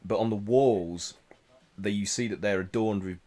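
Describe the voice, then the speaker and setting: Man, very low voice, game master, relaxed narration, many fillers. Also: moderate pace. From United Kingdom.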